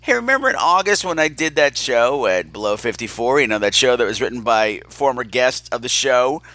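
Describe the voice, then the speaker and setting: Male podcast host, campy and sardonic, bright and lively, dry close sound. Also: medium pitch, moderate pace, dry recording. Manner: campy, sardonic, animated storytelling. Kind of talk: casual chat.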